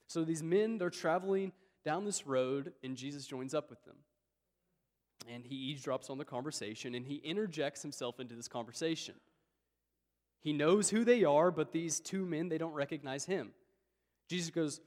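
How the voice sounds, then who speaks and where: A man preaching a sermon as a pastor, earnest and building to emphatic appeals, then dropping low for somber points. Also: moderate pace, darkish tone. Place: church hall. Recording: long hall reverb.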